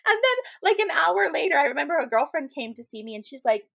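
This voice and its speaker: A medium in her thirties co-hosts a spiritual podcast, laughing often and telling stories packed with fillers in casual chat. Her high voice has big pitch swings, a quick pace, vocal fry, and a bit of brightness.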